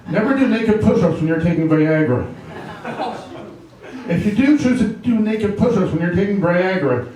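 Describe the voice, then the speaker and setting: A man doing a stand-up comedy set in a comedy club, delivering deadpan one-liners with pun punchlines. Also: high voice, recorded from a distance. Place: live comedy club with audience. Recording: echoey club room, mic heard from afar.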